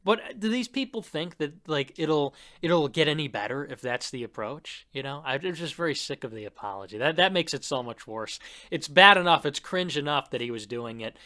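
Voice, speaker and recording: A man's voice: fairly high pitch, expressive, moderate pace, bright, forceful tone, dry recording, studio quality. A man co-hosting a podcast, talking in a rambling, scornful, profane way. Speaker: podcast co-host. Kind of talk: casual political podcast chat.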